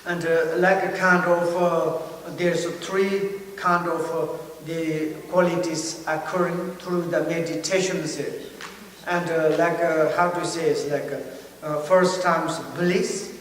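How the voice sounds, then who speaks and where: Male Buddhist teacher, high voice, halting non-native English, recorded far off in a hall. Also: flat delivery, fairly bright tone. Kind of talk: dharma teaching. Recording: very echoey hall, mic far off, faint noise.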